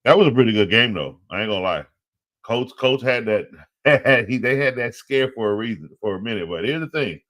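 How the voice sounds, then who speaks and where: A man hosting a fantasy football show, talking casually and excitedly, laughing often and trash-talking teams in slangy speech. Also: medium pitch, a little fast. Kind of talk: casual solo sports commentary.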